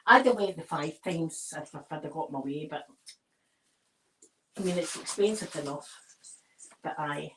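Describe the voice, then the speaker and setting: A woman's voice: low voice, unhurried, pauses often, a bit bright. Chatty Scottish woman rambling. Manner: rambling, digressive storytelling. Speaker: ASMR video creator. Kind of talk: casual chat while decorating a tree.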